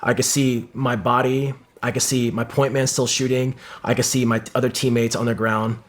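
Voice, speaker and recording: A middle-aged man, a former Marine sniper, speaks at medium pitch with little pitch movement and a moderate pace. In a casual interview, he tells a vivid combat story with lots of swearing and acted-out quotes.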